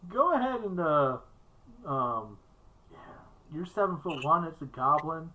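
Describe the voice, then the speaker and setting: A woman's voice: low voice, animated, a little slow, sharp tone, poor audio. A woman narrating as game master of a tabletop game, laughing often and talking loosely with fillers.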